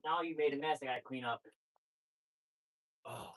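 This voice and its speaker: A man talks to his rescued wolfdogs, swearing and telling them how wild they are. His voice sits at an ordinary middle pitch. He speaks in a loose, chatty vlog style. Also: moderate pace, fairly bright tone. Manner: scolding animals, swearing, repeats "that's crazy, bro". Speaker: wolfdog rescuer and live streamer. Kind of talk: casual vlog talk to dogs and viewers.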